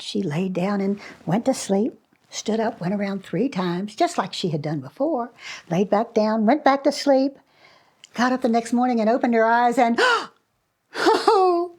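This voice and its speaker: A woman storyteller telling a fairy tale to children in an animated, expressive way with dramatic pauses. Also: medium pitch, breathy edge.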